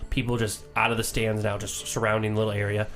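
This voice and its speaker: A man narrating as game master, relaxed and loose with lots of fillers. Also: on the low side, fast talker. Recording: faint background music.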